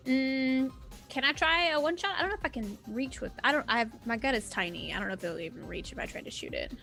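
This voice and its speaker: Female player, high and bright, hesitant and giggly; faint music behind. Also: expressive, quick pace, vocal fry. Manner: hesitant, asks rule questions, giggles. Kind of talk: tabletop role-play chat.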